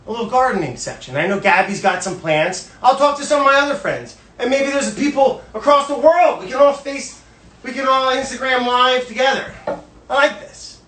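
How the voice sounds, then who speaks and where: Bright-voiced energetic man rambling. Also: very high voice, normal speed. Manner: rambling, energetic, jumps between topics. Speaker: cooking video host. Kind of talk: casual livestream chat. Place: at home. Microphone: phone livestream.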